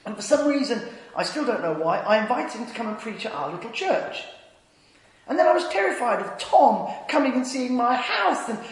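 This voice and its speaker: A man's voice: sing-song, moderate pace. Light-voiced male preacher in an echoing hall. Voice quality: light voice that never deepened. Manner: anecdotal and self-deprecating, quiet and tender in the lines of Jesus. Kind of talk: sermon. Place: church hall. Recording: echoey hall, long reverb.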